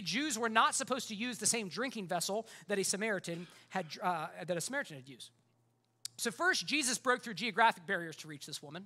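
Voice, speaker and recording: A man preaching a sermon at a rapid clip, his voice bright and forceful. He talks conversationally, building his points through repeated phrases and pressing them home with passion. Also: very high-pitched. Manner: impassioned, conversational preaching with rhetorical repetition. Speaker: pastor.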